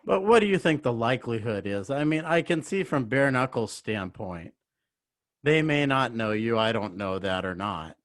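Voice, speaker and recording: A man hosting a podcast, asking questions and reasoning aloud in a measured way. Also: medium pitch, animated, no room sound, studio quality. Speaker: podcast host. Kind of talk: interview questions.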